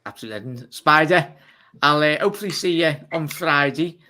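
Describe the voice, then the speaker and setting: A man hosting a fan live stream, talking fast and giving chatty shout-outs. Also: fairly high pitch, a little hiss or hum. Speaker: fan channel host. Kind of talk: live stream sign-off chat.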